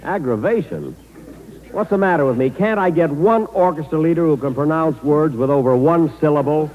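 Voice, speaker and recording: Through narrow, tinny audio, a comedian host of a 1940s radio comedy talks fairly quickly in a slightly high voice. Performing live for troops in a hall, he's hesitant and exasperated, stumbling over frequent "uh"s.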